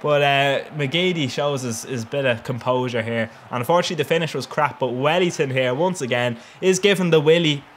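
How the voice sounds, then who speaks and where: A man's voice: mid-range voice, a little fast, hardly any pauses, a little hiss or hum. A young man giving a cheeky, rambling voice-over commentary on his own football video game matches, laughing often. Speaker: gaming channel host.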